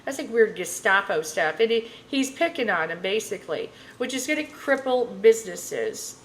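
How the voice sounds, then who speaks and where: A woman's voice: medium pitch, sing-song, normal speed, slight background noise, rough recording. A woman tarot reader talking to camera in a casual, rambling rant, blunt and full of filler phrases.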